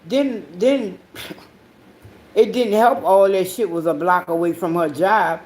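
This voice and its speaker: Profane, animated woman ranting casually. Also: slow pace. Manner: profane, rambling storytelling with frequent swearing; animated, jumps between loud outbursts and low mutters. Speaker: podcast host. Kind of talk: casual monologue.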